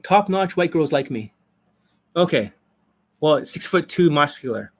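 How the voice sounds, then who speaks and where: A man's voice: on the high side, expressive, measured pace. A man coaching on a live stream, answering viewers in a blunt, profane, rambling way. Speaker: dating coach.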